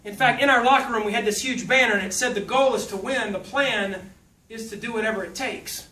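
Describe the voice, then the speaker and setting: A man's voice: sits high, fairly quick, pushed and bright. A man from South Louisiana, giving a folksy, humorous motivational speech and telling stories. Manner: folksy, humorous, puts on voices when quoting. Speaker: motivational speaker. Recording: echoey hall from far off.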